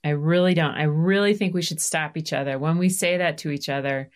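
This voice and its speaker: Candid middle-aged woman, lower voice. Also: fairly quick. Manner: animated, confessional, full of asides and self-deprecation. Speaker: guest, author and podcaster. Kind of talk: candid conversational storytelling.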